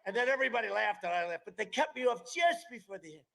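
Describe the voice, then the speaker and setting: A man's voice: high voice, expressive, quick pace, vocal fry, fairly bright tone, rough recording. A man in his seventies giving a campaign rally speech, rambling and digressive, with mocking asides. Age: 70s. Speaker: politician addressing a campaign rally.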